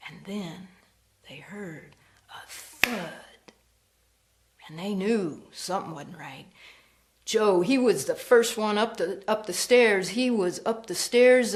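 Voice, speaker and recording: A woman storyteller performing a ghost story, slow and hushed, dropping to whispers. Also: medium pitch.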